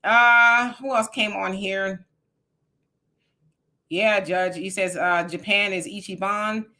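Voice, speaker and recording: A woman's voice: medium pitch, steady tone, slow pace, pushed and bright. A woman from California hosting a casual livestream, chatting and greeting viewers by name. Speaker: livestream host.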